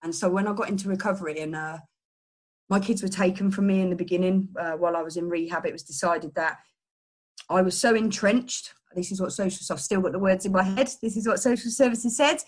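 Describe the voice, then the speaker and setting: A middle-aged woman giving an earnest personal testimony, halting and full of restarts and fillers. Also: lowish voice, steady tone. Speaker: person in recovery sharing a story.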